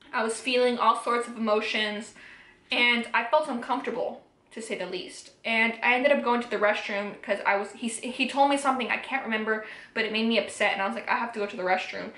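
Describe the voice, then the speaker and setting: A woman's voice: on the high side, a little fast, bright, forceful tone. A young woman vlogger candidly retelling a personal story to camera, acting out the dialogue as she goes. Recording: echoey room.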